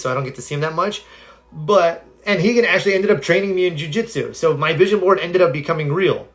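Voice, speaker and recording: A slightly high-voiced man speaks in a loose, live-stream way and tells personal stories with earnest energy. He talks straight to his viewers, answering their comments between motivational points. His tone stays conversational rather than scripted. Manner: earnest, animated storyteller. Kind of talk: casual live-stream talk, storytelling and advice.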